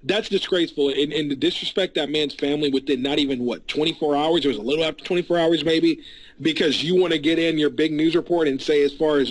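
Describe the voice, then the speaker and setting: A man's voice: on the high side, quick pace, dry recording, poor audio. A man co-hosting a podcast in casual debate, heated and often stammering on repeated words. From San Antonio area. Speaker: podcast co-host.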